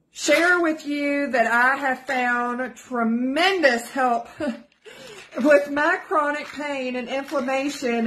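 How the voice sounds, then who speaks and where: High, slow-talking earnest woman. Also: fairly bright tone, slight background noise. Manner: earnest and pleading, repeats herself for emphasis. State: emotional, close to tears at times. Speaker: product affiliate giving a testimonial. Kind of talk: earnest personal testimonial vlog.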